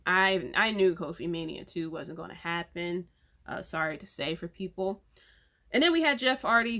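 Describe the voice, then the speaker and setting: A woman hosts a podcast, walking through what happened in a loose, chatty ramble that is full of fillers. Her voice is bright and clear, sitting at a middle pitch. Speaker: podcast host. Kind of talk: casual recap of a wrestling event.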